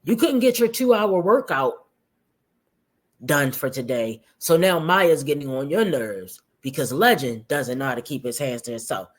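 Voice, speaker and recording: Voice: mid-range voice, lively intonation, moderate pace. A reaction host giving sarcastic commentary on a vlog clip, teasing the people in it and speaking straight to viewers.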